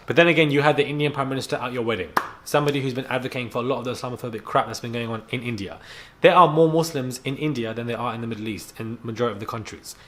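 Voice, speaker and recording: A vlogger delivers an irritated, heated rant straight to camera. His voice sits at an ordinary middle pitch. He doubles back on words and leans on fillers as he builds his case. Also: very fast, a bit bright, slight background noise. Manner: annoyed, heated, repeats himself with fillers. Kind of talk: ranting commentary to camera.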